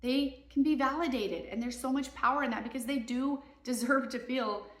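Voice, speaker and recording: A woman's voice: sits high, roomy sound. A woman, a mother and parenting coach, giving earnest, emphatic advice in a casual talk to camera. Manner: earnest, emphatic, voices kids and parents in quick asides.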